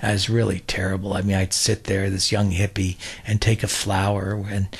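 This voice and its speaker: Husky older man spinning long stories. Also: low-pitched, level tone, normal speed. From New York. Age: 60s. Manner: chatty, loose, full of "uh" and restarts. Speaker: interview guest. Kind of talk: rambling anecdotal storytelling.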